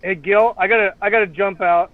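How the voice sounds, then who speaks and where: A man's voice: sits high, steady tone, no room sound, phone-quality sound. A man as a departing guest, hurriedly saying thanks and goodbye. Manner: hurried, grateful. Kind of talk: casual goodbyes.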